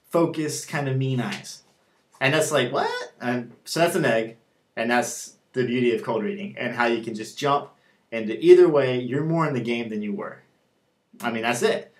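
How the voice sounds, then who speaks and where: A man giving a casual dating-advice lesson, talking loosely with lots of fillers and acting out both sides of the conversations he describes. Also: medium pitch. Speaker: dating coach. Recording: echoey room.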